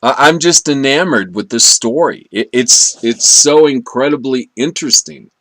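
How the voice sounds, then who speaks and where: A man's voice: mid-range voice, normal speed, sharp tone, no room sound. A man hosting a casual political commentary show, enthusiastic, stumbling over restarts. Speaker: show host.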